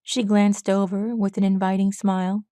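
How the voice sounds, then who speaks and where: A woman narrates her own fan fiction as an audiobook, keeping a steady, even storytelling pace. Her voice sits at a middle pitch for a woman. The sound is close and dry, with no room echo. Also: moderate pace, smooth. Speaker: audiobook reader.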